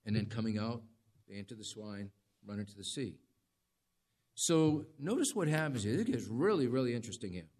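A man's voice: mid-range voice, very animated, fairly quick, darkish tone. A man preaching a sermon in a conversational, dramatic way, with rising emphasis. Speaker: pastor.

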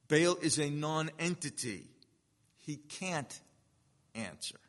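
A male pastor preaching with a bright, forceful voice that sits a little high for a man. He swings from ringing emphasis to hushed, slowed phrases. The sound carries a long reverb, as in a big hall. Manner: dramatic swings from loud to hushed. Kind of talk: sermon.

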